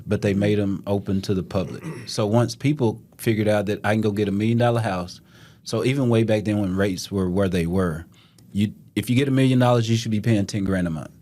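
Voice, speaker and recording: A man from Texas, telling animated stories in a casual podcast chat and acting out the dialogue. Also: on the low side, brisk. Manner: animated storyteller, acts out quoted dialogue. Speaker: podcast guest.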